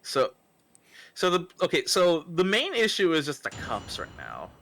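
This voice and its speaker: A man's voice: on the high side, huge pitch swings, a little slow, a bit bright, slight background noise. A man casually playing and talking through a courtroom game with a co-player, crude and joking. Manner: crude and joking, swears often. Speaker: streamer.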